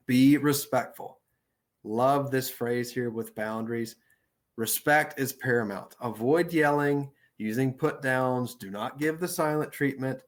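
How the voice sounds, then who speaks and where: Male counselor leading a workshop talk; steady, assertive and deliberate, mid-range voice. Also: medium pitch. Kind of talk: instructional talk on boundaries.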